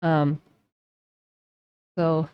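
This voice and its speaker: A woman's voice: sits low, level tone, extremely slow, muffled recording, slight background noise. A woman streaming a game, chatting casually and rambling with self-mocking jokes. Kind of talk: casual gaming commentary.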